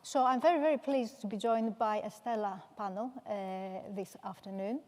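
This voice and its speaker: Woman from manchester hosting a panel, measured, lots of uhs, big echoey hall. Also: medium pitch, steady tone, a little mellow. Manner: measured, with many "uh" fillers. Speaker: panel moderator. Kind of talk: panel introduction. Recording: long hall reverb.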